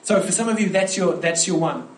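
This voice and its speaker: A young man preaching a camp sermon to young people, animated and storytelling, with frequent restarts. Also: high-pitched, fairly quick, a little hiss or hum. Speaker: youth pastor preaching at a camp. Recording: echoey hall with faint ambience.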